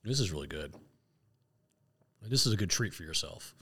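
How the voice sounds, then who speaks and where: A man's voice: deep voice, animated, normal speed, a bit bright, husky. A man co-hosting a casual whiskey tasting, talking in a rambling way, often restarting and laughing at himself. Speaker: podcast co-host.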